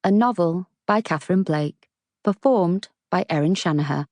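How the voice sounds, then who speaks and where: A woman narrating a novel in the first person, her voice low and mellow with a gravelly edge. She tells the story in a cheeky, wry way, close to the mic in a dry studio. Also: normal speed, dry recording. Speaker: audiobook narrator.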